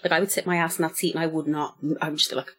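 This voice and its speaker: An Irish woman in her thirties chats at a rapid clip on a podcast she co-hosts. She swears freely and slips into acted-out quotes as she tells stories. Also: low-pitched, steady tone, a bit bright. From Ireland. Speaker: podcast co-host. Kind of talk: casual chat.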